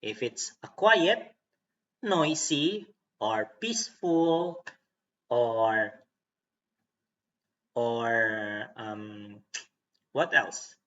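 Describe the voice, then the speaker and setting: A man's voice: mid-range voice, extremely slow, pauses often, a bit bright, distant mic. A man teaching an English lesson, patiently modeling word stress and checking in with "okay?" and "no?". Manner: patient, repeats words to model stress, tags lines with "okay?" and "no?". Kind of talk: recorded online English lesson. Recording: dull lo-fi sound from away from the mic.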